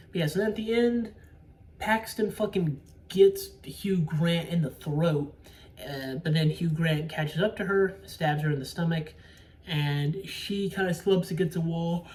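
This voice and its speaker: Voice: mid-range voice, a little mellow. A casual vlogger recapping a movie's ending with spoilers, rambling and swearing, often sidetracked. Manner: rambling, profane, easily sidetracked. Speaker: solo movie reviewer. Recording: distant mic with faint room noise.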